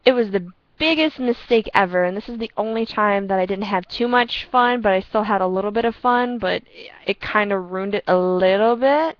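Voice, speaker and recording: A young woman casually telling rambling, excitable stories to a friend over a headset, often breaking into laughter. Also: medium pitch, moderate pace, hardly any pauses, no room sound, lo-fi sound. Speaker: storyteller chatting with a friend. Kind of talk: casual storytelling chat. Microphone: earpiece headset.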